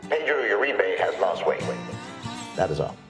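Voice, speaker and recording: A man's voice: lively intonation, normal speed, natural voice. A man doing a veteran baseball announcer. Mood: announcing. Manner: classic booming announcer cadence. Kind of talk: TV comedy acting. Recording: clip with music behind. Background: music.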